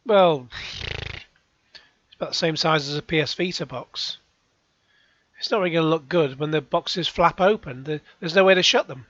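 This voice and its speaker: A man's voice: a little high, normal speed, pauses often, a bit bright, dull audio, slight background noise. A man giving rambling, sarcastic commentary as a YouTube reaction host. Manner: rambling, sarcastic, with frequent sighs and restarts.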